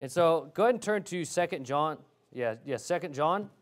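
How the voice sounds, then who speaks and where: A man delivers a sermon in a slightly higher voice. He talks emphatically, asks rhetorical questions, and often restarts his sentences. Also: expressive, moderate pace. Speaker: preacher.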